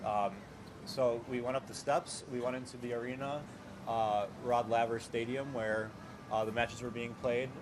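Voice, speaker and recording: A young man telling a travel story at a hostel in a measured way, pausing on many "uh"s. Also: medium pitch, fairly even intonation. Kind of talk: casual storytelling. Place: hostel common area. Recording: noisy background.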